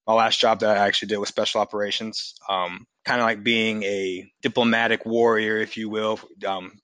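Animated bright-voiced man telling a story. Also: dry recording. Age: 30s. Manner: animated, swings into high mocking quotes. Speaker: guest. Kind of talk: casual storytelling.

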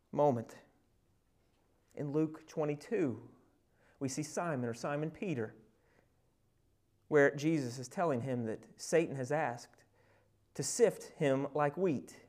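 A male pastor delivers a sermon with wide swings in volume, building to loud, emphatic peaks and then dropping to hushed, almost whispered stretches. He retells scripture scenes in a conversational way, with casual asides woven into the preaching. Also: mid-range voice.

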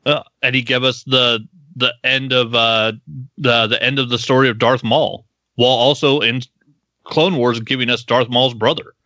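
A man co-hosting a casual podcast, enthusiastic and quick to laugh. His voice is bright and forceful, a little low in pitch, recorded dry on a slightly muffled mic. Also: steady tone, no room sound. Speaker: podcast co-host.

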